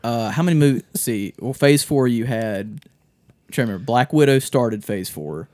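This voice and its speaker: A man's voice: medium pitch, animated, moderate pace, a little mellow, dry recording. A man co-hosting a casual podcast, rambling and restarting his sentences and swearing freely. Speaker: podcast co-host. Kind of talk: casual chat.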